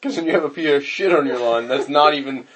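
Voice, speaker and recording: Deadpan young man with quick quips. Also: on the high side, slightly rough. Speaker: podcast co-host. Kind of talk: casual podcast banter.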